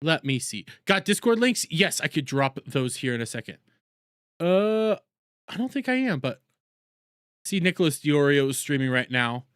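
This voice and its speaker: A young male streamer riffs over clips and reads chat aloud, mocking and excitable. His bright voice swings widely in pitch, and he swears freely. The sound is dry and close. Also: normal speed, clean tone, dry recording. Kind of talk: live reaction commentary.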